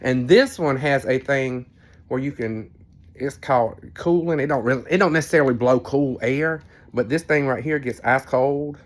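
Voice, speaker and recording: Tipsy vlogger, mid-range voice, loose rambling storyteller who curses freely. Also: male voice, medium pitch, normal speed. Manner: chatty, rambling, frank asides and mild cursing. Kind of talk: casual storytelling vlog. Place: cabin on a cruise ship.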